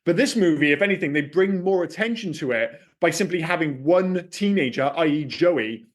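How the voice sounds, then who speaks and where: A man's voice: on the high side, lively intonation, moderate pace. A man co-hosting a podcast, chatting casually about an old film, rambling, correcting himself and swearing freely. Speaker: podcast co-host.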